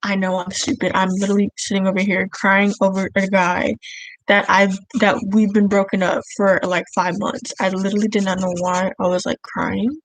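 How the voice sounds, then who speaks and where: A woman's voice: mid-range voice, flat delivery, moderate pace, no room sound, rough recording. A teenage girl rambling through a casual storytime while she draws at home, full of fillers and self-deprecating asides. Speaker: vlogger. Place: at home, indoors.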